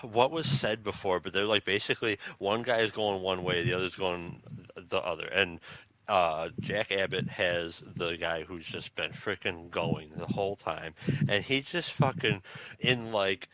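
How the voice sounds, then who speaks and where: A man's voice: sits low, unhurried, a bit bright, no echo, highs cut off. A man co-hosting a podcast in casual chat, rambling and laughing often. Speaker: podcast co-host.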